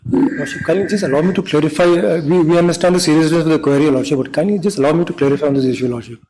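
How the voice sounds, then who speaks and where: A man, a government lawyer making halting, deferential submissions in court. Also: on the high side, warm tone, low-quality recording. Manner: deferential, halting, repeats "Lordship". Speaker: government counsel.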